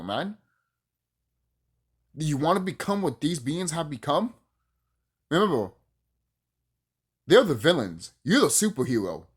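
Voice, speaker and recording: Brief: male vlogger, heated profane rant, voice rising and falling wildly, mid-pitched. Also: breathy edge. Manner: heated, profane, preachy, rambling. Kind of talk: unscripted rant to camera.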